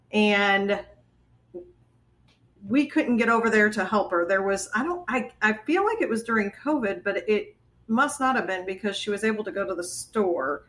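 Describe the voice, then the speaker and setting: A woman's voice: medium pitch, fairly bright tone, poor audio. Woman guest telling a story casually. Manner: conversational, with fillers and restarts. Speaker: podcast guest.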